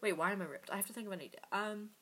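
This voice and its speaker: A woman's voice: mid-range voice, a bit bright. A young woman with braces and a slight lisp, chatting and joking through a party card game. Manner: giggly, quick to joke. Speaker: game player. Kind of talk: casual chat, playing a card game.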